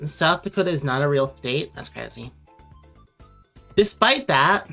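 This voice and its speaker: A young woman from Connecticut talks casually on a drawing livestream, rambling from one thought to the next as she answers chat. Her voice sits on the lower side, with faint music playing underneath. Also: lively intonation, measured pace, gravelly, a bit bright. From Connecticut, USA. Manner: rambling, chatty, reads chat aloud and answers viewers. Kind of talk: casual late-night stream chat.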